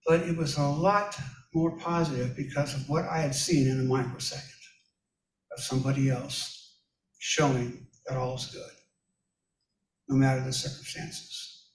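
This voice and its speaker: Folksy pastor telling stories in an echoey room. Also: male voice, mid-range voice, flat delivery, normal speed, long pauses. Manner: folksy, personal anecdotes addressed to listeners. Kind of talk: conversational sermon storytelling. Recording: echoey room, distant from mic.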